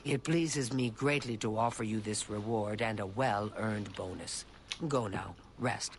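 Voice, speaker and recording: An actor playing a sly male lizard assassin contact in a game, speaking in a hushed, scheming way. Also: fairly low pitch, a little slow, a little hiss or hum. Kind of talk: game dialogue.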